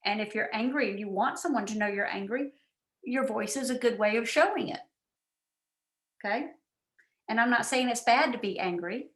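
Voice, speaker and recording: A woman giving an animated, chatty coaching talk on a team call, full of asides. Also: fairly high pitch, normal speed, long pauses. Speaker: guest speaker and coach. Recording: roomy echo.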